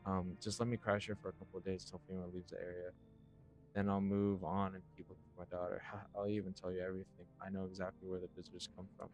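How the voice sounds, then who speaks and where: A man voicing a desperate, paranoid father in a game, talking in a halting, anxious way with stammers. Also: deep voice, level tone, a little mellow, faint music behind.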